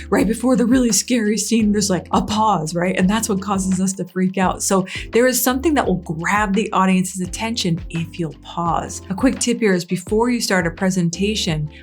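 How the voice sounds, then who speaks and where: A middle-aged woman gives speaking tips right to the viewer in an energetic, engaging way. She poses questions and sinks her voice low to land a point. Soft music plays faintly underneath. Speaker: public speaking coach. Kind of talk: direct-to-camera coaching talk.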